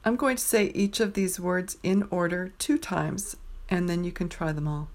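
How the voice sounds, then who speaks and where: A woman teaching pronunciation, saying each word slowly and clearly, with pauses between words. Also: on the low side, steady tone. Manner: carefully enunciated single words with pauses. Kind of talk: slow, deliberate pronunciation drill.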